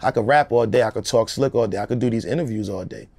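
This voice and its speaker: A middle-aged rapper in a casual interview talks fast in a low, darkish, gravelly voice with a rough edge. His style is loose, emphatic and streetwise, and the dry, close-miked audio has no echo.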